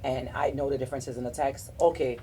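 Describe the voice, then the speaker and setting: A woman's voice: a bass voice, fairly even intonation, brisk, soft background music. A middle-aged woman hosting a podcast, giving earnest, rambling relationship advice in a casual group chat. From South Florida. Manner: warm-hearted, rambling, earnest advice with restarts. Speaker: podcast host.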